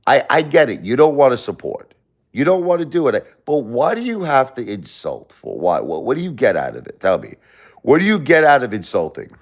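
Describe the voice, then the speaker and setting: Lively-voiced man ranting at his chat. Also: fairly quick. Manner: angry, profane, repetitive, lectures and insults the commenter; jumps between loud outbursts and low muttering. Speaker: livestream host reading chat. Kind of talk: livestream rant at a chat commenter.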